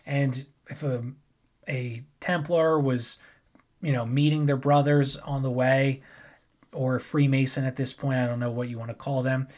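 A man's voice: mid-range voice, steady tone, a little slow, darkish tone. Rambling casual man explaining history. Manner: rambling, loose, with frequent restarts and asides. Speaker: history presenter.

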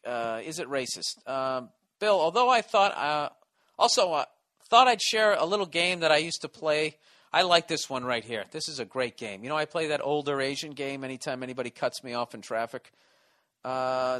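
Male comic podcast host, East Coast American accent, profane and sarcastic, slightly high, bright tone. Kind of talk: solo comedy podcast rant.

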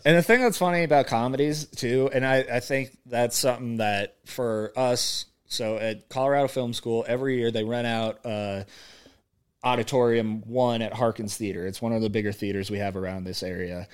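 A man's voice: medium pitch, fairly even intonation, normal speed, clean tone. A young man co-hosting a podcast, rambling through casual chat, laughing often and acting out movie lines. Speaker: podcast co-host.

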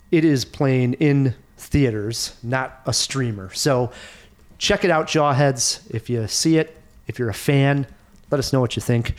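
A man hosting a casual film review podcast, animated and laughing often as he recounts scenes. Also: mid-range voice. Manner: animated, laughs often, mimics actors' voices. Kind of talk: casual movie review chat.

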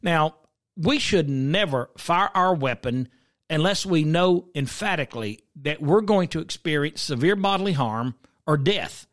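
A middle-aged man with a drawl hosts his own show, speaking in a voice pitched a little above most men's. He talks his listeners through his opinions in a loose, conversational way, often turning to ask what they think and slipping into stories from his own life. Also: animated, unhurried. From South Carolina. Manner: conversational, asks listeners questions, storytelling asides. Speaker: podcast host. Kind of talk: opinionated commentary.

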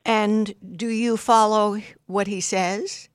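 A woman's voice: mid-range voice, steady tone, slow, smooth, no room sound. An older woman hosting a call-in advice show, giving blunt, direct instructions in numbered steps. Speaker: radio advice host.

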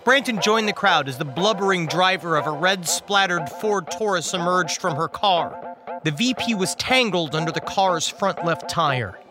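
Man, high voice, wry, dramatic story reading, music in the background. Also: lively intonation, normal speed. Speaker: guest preacher. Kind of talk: dark comic story reading.

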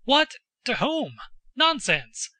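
A man's voice: fairly high pitch, expressive, moderate pace, pushed and bright, no room sound. A man voicing a good-humored but flustered old nobleman father who mutters.

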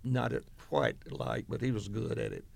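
Gravelly old man reminiscing. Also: on the low side, very animated, moderate pace. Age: 80s. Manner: meandering reminiscence with many fillers and quoted dialogue. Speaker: retired football coach. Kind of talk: oral history interview.

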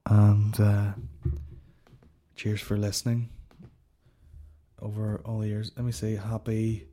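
A man's voice: on the low side, completely flat delivery, slow pace, dark tone. A man hosting a comedy podcast, rambling in profane, sarcastic banter. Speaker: podcast host.

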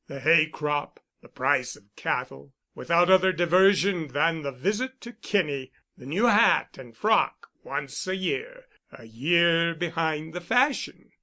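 A man's voice: fairly high pitch, expressive, measured pace, hardly any pauses, pushed and bright, heavily acted. A man reading the part of a persuasive, insistent suitor who speaks with urgent, coaxing force.

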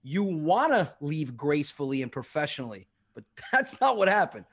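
A man's voice: fairly high pitch, normal speed, breathy edge. New guy telling a funny story. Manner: animated, laughs through his story. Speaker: comedian guest. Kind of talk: casual storytelling.

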